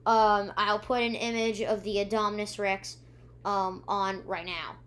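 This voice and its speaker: A woman's voice: mid-range voice, little pitch movement, a little slow, fairly bright tone. A female reviewer recapping episodes in a rambling way, with many ums and restarts, acting out the characters' lines. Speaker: video reviewer.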